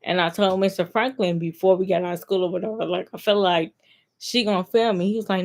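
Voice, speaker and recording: In her loose story-time vlog, a young woman addresses the camera at a quick pace in a steady tone. Her voice sits a bit low, and she leans on fillers and emphatic repeats as she rambles through the tale.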